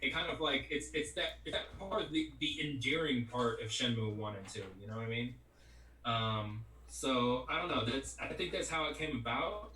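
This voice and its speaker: Speaking at medium pitch and a moderate pace, this middle-aged man sounds bright and forceful, with slight background noise. He's a voice actor guest in an interview, chatting loosely and rambling with plenty of "you know what I mean," captured on an echoey, distant mic with faint music.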